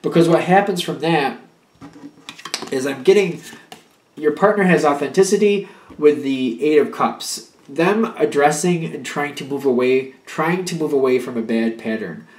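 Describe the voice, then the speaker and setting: A man's voice: a little high, moderate pace, reverberant. A man giving a casual spoken tarot reading. He rambles and restarts as he talks, and now and then acts out an imagined partner's pleas. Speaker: tarot reader.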